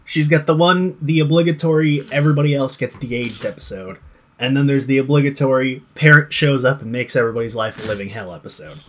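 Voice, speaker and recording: Rambling husky man in casual chat. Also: mid-range voice, fast, fairly bright tone. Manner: rambling, many fillers and restarts, swears casually. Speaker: co-host discussing a TV show.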